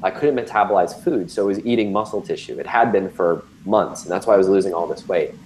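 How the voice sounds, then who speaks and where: A man's voice: low-pitched, quick pace, a little mellow, slight background noise, low-quality recording. Man in his thirties telling his story. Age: 30s. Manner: candid, filler-heavy storytelling with many ums and restarts. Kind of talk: personal storytelling in conversation.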